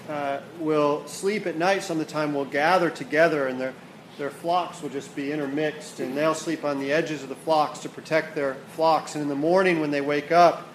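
A man's voice: fairly high pitch, a little hiss or hum. A man preaching a sermon with earnest build-up, often repeating words as he rises toward questions and falls back. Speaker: pastor. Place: church hall. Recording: echoey hall, faint ambience.

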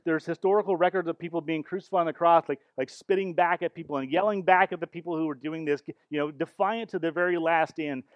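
A pastor preaches in church, recounting the crucifixion with a live demonstration and dramatic intensity that builds to fierce passages. His voice sits on the high side, and the low-quality recording has no echo.

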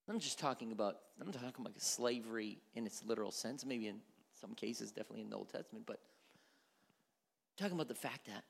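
A man preaching a sermon from the pulpit, his voice swinging widely up and down in pitch. He moves from dramatic, animated bursts to hushed near-whispers. A long church reverb trails every phrase. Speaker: pastor. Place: church sanctuary.

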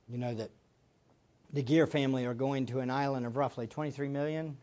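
A preacher giving an impassioned sermon, moving from quiet reflection to loud exclamations and closing in prayer. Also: mid-range voice, fairly even intonation, fairly quick, lo-fi sound. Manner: ends in prayer.

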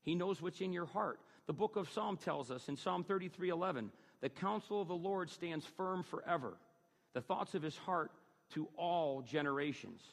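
A man's voice: a little high, expressive, moderate pace, creaky. A man preaching a sermon in a church hall, emphatic and rising on key phrases. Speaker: pastor. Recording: hall reverb.

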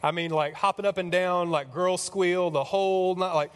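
A male preacher retells a story in a casual, animated way, chatty and full of fillers, slipping into voices for the people in it. His voice sits slightly high. A long reverb from a large hall trails behind his words. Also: normal speed, background noise.

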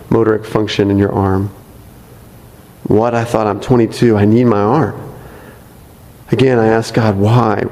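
A man's voice: on the low side, dark tone, in a large hall, poor audio. A man reading a congregant's testimony aloud in a church, earnest and breaking off for light asides, speaking into a microphone. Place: church sanctuary.

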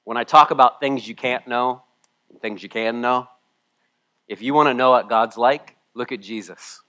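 Male pastor, tearful sermon, swings between soft reading and loud pleading. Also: medium pitch, moderate pace. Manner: emotional, swings from hushed to loud. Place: church room with a congregation.

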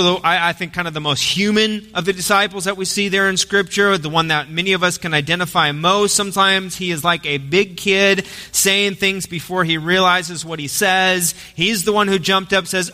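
A man preaching a sermon, telling the story in a lively way and acting out the quotes. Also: sits high, in a large hall. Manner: animated storytelling with acted quotes. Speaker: pastor.

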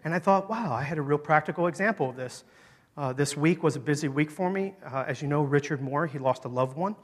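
A man preaching a sermon, telling a story with lively emphasis that swings between loud, emphatic lines and quiet, soft ones. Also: fairly high pitch, a little fast. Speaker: pastor. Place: church sanctuary. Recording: long hall reverb.

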